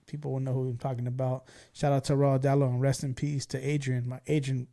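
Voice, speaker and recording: A man in his forties from California, hosting a podcast and telling stories in a loose, profane, excitable way. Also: mid-range voice, fast talker. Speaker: podcast host. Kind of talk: casual storytelling chat.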